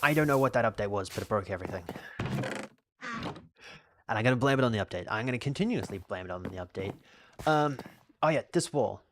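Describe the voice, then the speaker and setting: A man's voice: lowish voice, expressive, fairly quick, pauses often, noisy background. An Australian man streaming a game and chatting casually, rambling and restarting his sentences as he answers chat. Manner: reads out and answers chat questions. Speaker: live streamer.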